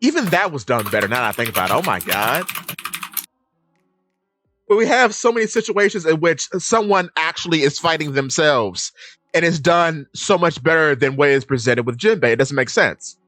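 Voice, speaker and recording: A man co-hosting a podcast in casual chat, animated, often acting out characters' lines. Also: on the high side, moderate pace, dry recording, clean studio sound, soft background music. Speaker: podcast co-host. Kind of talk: casual chat about anime.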